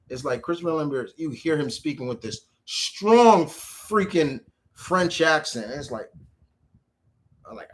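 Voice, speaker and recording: A man chatting casually as a channel host, rambling with frequent restarts and animated quoted asides. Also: fairly high pitch, a little slow. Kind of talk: casual chat.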